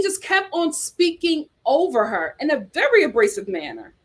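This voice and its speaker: A woman's voice: sits high, sing-song, normal speed, few pauses. A woman hosting a casual commentary show, reading articles and viewer comments aloud and reacting in an outspoken, exclaiming way. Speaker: host.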